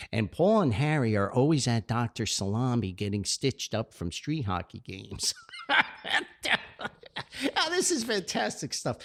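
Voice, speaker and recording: An older man, a podcast host and author, chatting casually about characters he wrote, often laughing and amused. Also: medium pitch. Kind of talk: casual chat about his own book characters.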